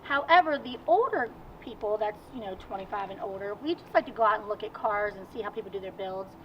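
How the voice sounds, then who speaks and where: A woman with a Virginian accent, a guest in a casual outdoor interview, telling stories in an animated, chatty way. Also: mid-range voice, fast. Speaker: guest, amateur racer. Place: outdoors at a car show. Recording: distant mic, dull sound, faint noise.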